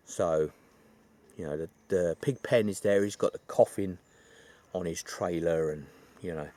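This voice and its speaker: Low-voiced chatty man. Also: darkish tone. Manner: rambling and chatty, with many fillers and asides. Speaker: film reviewer. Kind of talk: casual retelling of a film plot.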